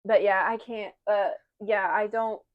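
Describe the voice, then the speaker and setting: A woman in her twenties, a podcast co-host in casual chat, animated and swinging between mumbling and loud exasperation. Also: medium pitch, measured pace, lo-fi sound.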